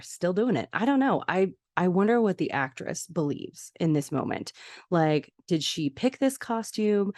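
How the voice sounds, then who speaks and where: Low-voiced chatty woman podcast host. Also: darkish tone, no echo, clean studio sound. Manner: chatty, many "like" fillers, frequent laughs. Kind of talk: casual TV episode recap.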